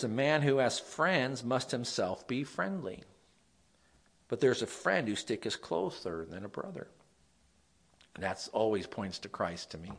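Man preaching with emphatic swells. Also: mid-range voice. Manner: rises to loud emphatic scripture reading, drops to quiet asides; folksy storytelling. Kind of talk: sermon.

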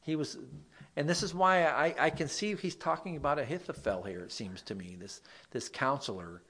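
A man preaching a sermon, reading scripture loudly and with force, then dropping to quiet, folksy asides and stories. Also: on the high side, moderate pace, slightly rough. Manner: rises to loud emphatic scripture reading, drops to quiet asides; folksy storytelling.

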